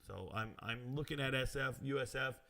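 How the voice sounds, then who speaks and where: Man, live stream host, reads viewer comments, blunt, confident, casual slang, mid-pitched voice. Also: normal speed, gravelly, pushed and bright. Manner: brash, self-assured, blunt opinions; casual slang, chatty asides. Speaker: sports betting show host.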